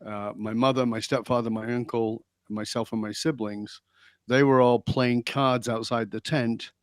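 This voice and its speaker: Animated middle-aged male storyteller, dry sound. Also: medium pitch, unhurried, no room sound. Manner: animated storyteller, acts out quotes. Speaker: podcast guest. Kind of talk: storytelling interview.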